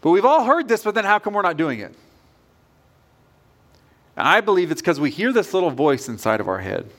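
A man with a notably high-pitched voice delivers a sermon as pastor. He speaks earnestly and directly, in a plain conversational tone, as if talking face to face with his congregation. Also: big pitch swings, a little fast, a bit bright.

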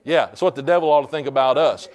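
A man preaching a fervent sermon as pastor, building to shouts and calling out "Amen?" to the congregation. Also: medium pitch, fast.

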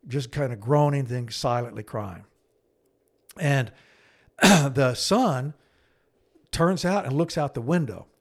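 A middle-aged man co-hosting a podcast, telling a counseling story in an earnest, halting way and acting out quoted speech in a low, hushed voice. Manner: earnest, halting, with frequent restarts and fillers. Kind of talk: conversational storytelling.

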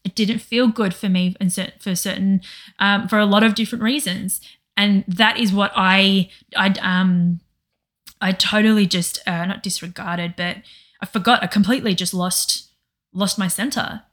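Woman, podcast co-host, mid-pitched voice, rambling and emotional, casual chat with restarts. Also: fairly even intonation, moderate pace, fairly bright tone.

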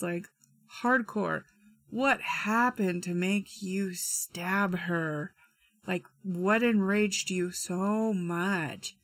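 A woman's voice: medium pitch, gravelly, no echo. A woman from Utah casually telling a true crime story with chatty asides and slang.

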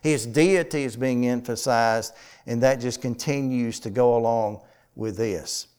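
A man preaching a Bible study, asking his listeners questions and reading scripture slowly with weight. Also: mid-range voice, darkish tone, smooth. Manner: asks the congregation questions, reads scripture slowly with emphasis. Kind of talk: conversational sermon teaching.

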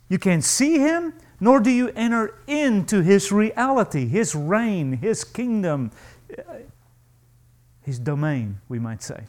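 A male pastor preaching a sermon to a congregation, emphatic and animated, acting out the voices he quotes. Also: sits high, takes it slowly.

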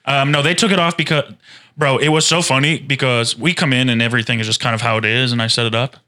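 Bright-voiced man in joking podcast banter. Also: medium pitch, steady tone, fast talker. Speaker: podcast co-host. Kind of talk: casual chat.

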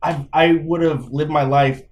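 Slangy, laid-back man, slightly high voice. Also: fairly even intonation, unhurried, a little hiss or hum. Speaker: podcast co-host. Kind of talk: casual chat.

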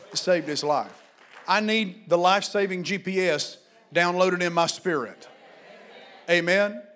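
A high-voiced man gives a sermon as pastor, fervent and urging. At times he shouts; at other times he tells stories in a quiet voice.

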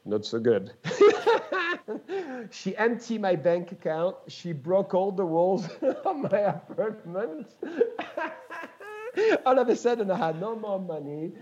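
A man from France with a French accent, a guest telling lively stories in casual conversation, acting out the voices of the people in them. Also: high voice, takes it slowly, long pauses, dull audio. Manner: animated, acts out voices in his stories, laughs often. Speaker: guest, former pro mountain biker. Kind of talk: casual storytelling.

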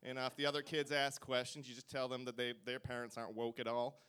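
A man's voice: mid-range voice, level tone, fast, noisy background. A man riffing as a comedian contestant on a club stage, rambling and wry. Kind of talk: stand-up riffing.

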